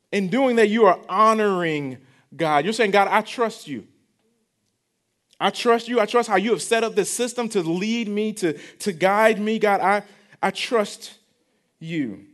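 Man, pastor, high voice, conversational sermon, rhetorical questions. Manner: conversational preaching with repeated phrases and rhetorical questions.

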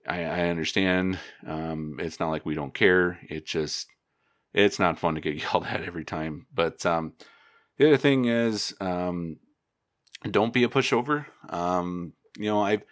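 Deep-voiced man giving relaxed advice. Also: no room sound, studio quality. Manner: relaxed, rambling, many fillers and restarts. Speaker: agronomist. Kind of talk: casual advice talk.

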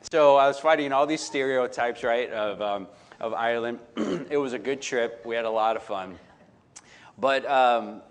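A man preaching, telling a humorous travel story to a live congregation with lots of fillers, restarts and acted-out lines. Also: mid-range voice. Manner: animated, full of fillers and restarts, acts out others' lines.

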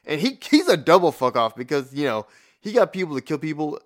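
A man's voice: fairly high pitch, sing-song, brisk. Blunt, swearing man ranting. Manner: blunt, swearing, rambling with restarts. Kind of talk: profane ranting commentary.

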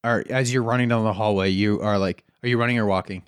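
A man's voice: on the low side, fairly even intonation, clear, resonant tone. A man narrating as game master of a tabletop role-playing game, with lots of fillers and restarts. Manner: halting, full of fillers and restarts.

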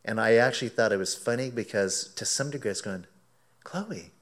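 A man preaching, telling a lively anecdote as a sermon illustration and acting out his own quoted words, often laughing. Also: fairly low pitch, fast. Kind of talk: sermon illustration told as a story.

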